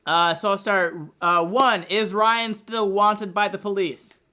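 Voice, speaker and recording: High-voiced young man with dry jokes. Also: steady tone, measured pace, pushed and bright, clear, resonant tone. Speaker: podcast co-host, comedian. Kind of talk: casual podcast chat.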